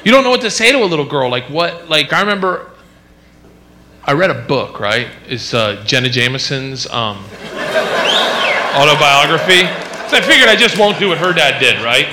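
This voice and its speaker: A man's voice: on the high side, lively intonation, normal speed. A young man, a father, doing stand-up and telling a rambling story full of "like". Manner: rambling, filler-heavy storytelling with lots of "like". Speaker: stand-up comedian. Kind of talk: stand-up comedy routine. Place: comedy club stage. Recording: live club recording with background noise.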